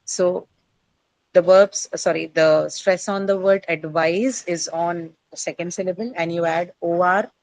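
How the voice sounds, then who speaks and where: A woman's voice: on the low side, steady tone, unhurried, darkish tone, dry recording, rough recording. A middle-aged woman teacher lecturing a class, explaining step by step and quizzing her students as she goes.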